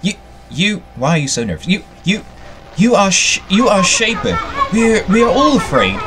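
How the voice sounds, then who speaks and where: A man's voice: sits high, lively intonation, normal speed, crowd noise, background noise, pitched above the performer's own voice. A man voicing a stammering, frightened servile creature. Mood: fearful. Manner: stammering, quavering.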